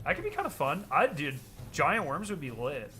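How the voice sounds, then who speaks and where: A man streaming a game, chatting casually and excitably with plenty of slang and swearing. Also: on the high side, moderate pace, background noise. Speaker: gaming streamer. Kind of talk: casual chat over gameplay.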